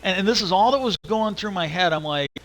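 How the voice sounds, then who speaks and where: A man's voice: high voice, expressive, fast talker, fairly bright tone, poor audio. A man ranting angrily in a casual livestream monologue, swearing often and restarting his sentences as he rambles. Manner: angry, profane, rambling with many restarts. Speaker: livestream host.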